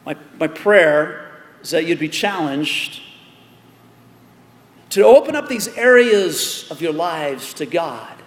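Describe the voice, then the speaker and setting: A man preaching a sermon as pastor, animated, with joking asides and repeated words. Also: fairly high pitch, takes it slowly, pauses often. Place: large church hall. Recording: echoey hall with long reverb.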